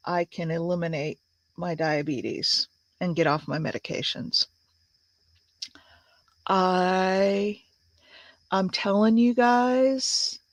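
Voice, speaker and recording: A woman's voice: fairly low pitch, dry recording. A woman in her sixties chatting casually on a live stream, greeting viewers by name and using lots of fillers. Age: 60s. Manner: chatty, reads viewer comments aloud, many fillers. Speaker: crafts channel host.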